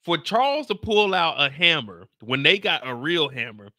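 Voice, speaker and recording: Host type: American man, casual show recap to live chat, playful and slangy, fairly high voice. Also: moderate pace, no room sound, clean studio sound. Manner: animated, slangy, playful, reads out chat questions.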